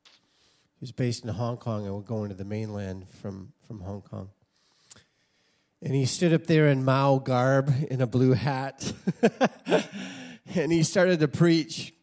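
An American man in his sixties telling a personal story as a sermon, animated and laughing often. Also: medium pitch, takes it slowly, long pauses. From United States. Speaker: preacher.

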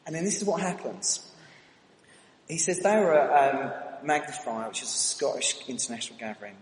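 A British man telling a lively, self-mocking story during a sermon at church. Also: mid-range voice, a little fast, a little hiss or hum. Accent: British English. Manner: animated, anecdotal, self-mocking. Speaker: church speaker. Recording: reverberant hall, faint ambience.

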